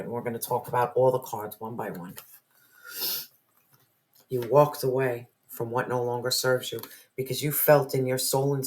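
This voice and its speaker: An intense tarot reader delivering a heartfelt spiritual reading. They hammer points home by repeating lines and sometimes sink into a whisper, with the odd curse word slipping out. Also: mid-range voice. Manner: emphatic, repeats phrases, drops to whispers, swears.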